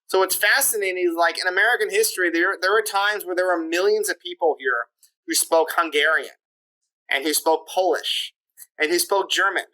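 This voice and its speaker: A man talks as a guest on a podcast, and his voice has a bright, forceful edge. He explains his points in a loose, chatty way and fills his sentences with "like" and "you know." He often poses quick questions and then answers them himself. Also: high-pitched, low-quality recording. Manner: talkative, leans on "like" and "you know" fillers; lays out points step by step with rhetorical questions. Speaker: podcast guest discussing immigration. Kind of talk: casual explanatory interview talk.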